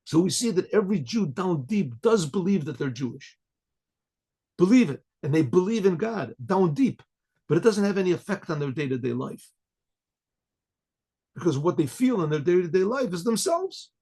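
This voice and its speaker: Husky-voiced rabbi giving a casual talk. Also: male voice, sits high, very animated, moderate pace, dark tone. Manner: conversational teaching, frequent throat clearing, Hebrew phrases translated. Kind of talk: sermon-style Torah class.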